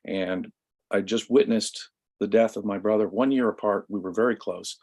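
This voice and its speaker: A man in a casual discussion, telling a story in an emphatic, animated way. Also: lowish voice, normal speed, husky. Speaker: guest commentator.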